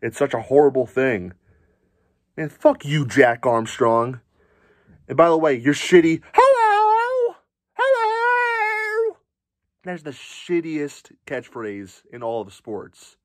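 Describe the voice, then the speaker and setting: A man's voice: medium pitch, slow pace, dry recording, studio quality. A man ranting angrily as a sports fan, furious, swearing and insulting. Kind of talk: angry profane rant.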